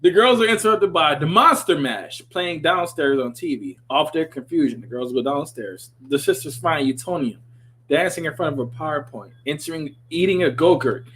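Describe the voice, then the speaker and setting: A man hosting a podcast, reading a script aloud and breaking off into excitable, riffing commentary. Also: a little high, moderate pace, a little hiss or hum. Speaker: podcast host. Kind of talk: casual chat while reading a script aloud.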